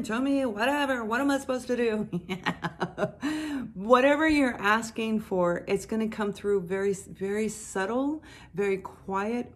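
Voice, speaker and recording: A woman giving a chatty tarot reading straight to her viewers, talking lively and directly to them. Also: medium pitch, slight background noise. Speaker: tarot reader.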